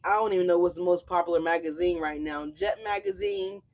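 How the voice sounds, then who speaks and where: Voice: medium pitch, steady tone, quick pace, darkish tone. A tarot reader hosting a casual live reading, talking straight to viewers in an effusive, slangy, exclamatory way, with frequent swearing. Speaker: tarot reader, channel host.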